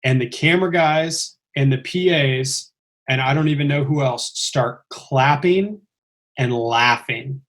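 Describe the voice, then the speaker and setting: A man tells a story in a relaxed podcast chat. He gets animated and acts out the lines he quotes. His voice sits at an ordinary middle pitch. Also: a little slow. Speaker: stuntman telling his story.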